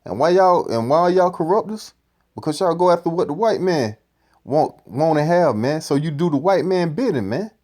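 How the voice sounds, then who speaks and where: A man's voice: on the high side, expressive, normal speed, a little mellow. Profane ranting male preacher. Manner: ranting, profane, repeats "man". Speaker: street-style preacher commenting on a clip. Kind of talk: profane scripture commentary.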